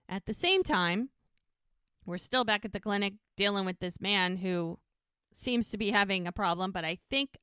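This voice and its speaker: A woman co-hosting a podcast, casually retelling scenes of a TV episode in an animated way and acting out the characters' lines. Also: medium pitch, smooth, no echo, studio quality. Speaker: podcast co-host recapping a TV show. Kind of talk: casual recap storytelling.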